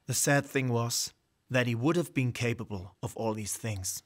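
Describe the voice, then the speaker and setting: A man's voice: medium pitch, moderate pace. A man narrating a sci-fi audio drama.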